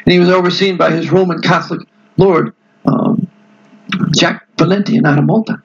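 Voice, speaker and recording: A man's voice: high voice, fairly even intonation, moderate pace, muffled recording. A man reading a history book aloud to a book club and breaking off into emphatic, digressive asides to his listeners. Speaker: book club reader and host.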